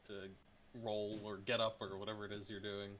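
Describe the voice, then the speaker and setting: A man's voice: lowish voice, monotone, a little fast, fairly bright tone, a little hiss or hum, rough recording. A man serving as game master, thinking aloud as he makes rulings in a casual tabletop session.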